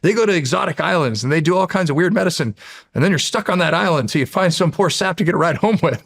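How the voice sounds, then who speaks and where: A man's voice: a little high, expressive, quick pace, gravelly, a bit bright, pitched above the performer's own voice, full character voice. A man voicing a cute little male demon who cracks jokes and teases, in a told story. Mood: amused. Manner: wisecracking, teasing.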